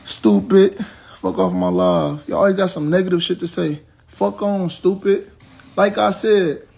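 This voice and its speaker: Young man ranting on a livestream, gravelly and high. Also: a little mellow. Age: 20s. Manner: blunt, profane, ranting at commenters. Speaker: social media personality on a livestream. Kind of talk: venting on a livestream.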